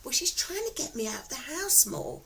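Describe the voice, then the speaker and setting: A woman's voice: sits high, big pitch swings, brisk, vocal fry, slight background noise, rough recording. A woman with a Nottingham accent, casually telling stories to her viewers in a giggly, rambling way from home. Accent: Nottingham English. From England. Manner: warm storytelling, giggly, repeats herself. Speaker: vlogger. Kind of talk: casual chatty vlog.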